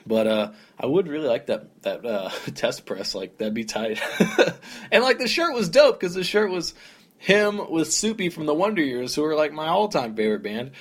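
A young man hosting a solo podcast, rambling casually with lots of "like" and "dude", in a relaxed, conversational way. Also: on the high side, moderate pace, slightly rough. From American South. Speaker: podcast host.

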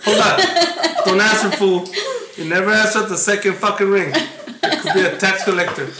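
High-pitched man, crude comedic storyteller, echoey room. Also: fairly even intonation, moderate pace. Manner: profane, slangy, laughing. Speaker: podcast host. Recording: echoey room, loud background noise.

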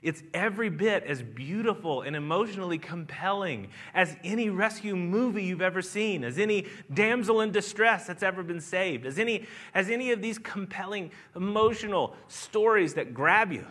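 In a church sanctuary, a male pastor with a regional Southern American accent preaches earnestly and conversationally, restarting phrases and building to emphatic lines. His voice is high-pitched, animated, and fairly bright, moving at a normal speed.

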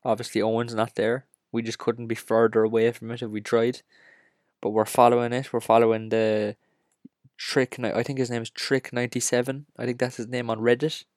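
A man's voice: mid-range voice, fairly quick, dry recording, clean studio sound. Ranting Irish man hosting a podcast. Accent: Irish, Cork. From Ireland. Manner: ranting, excitable, jokey. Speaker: podcast host. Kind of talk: solo podcast chat.

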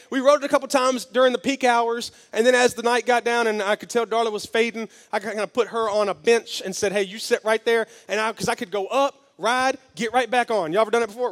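A pastor preaching a sermon, telling a story that builds from slow and quiet to loud and excited. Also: male voice, high voice, in a large hall. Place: church hall.

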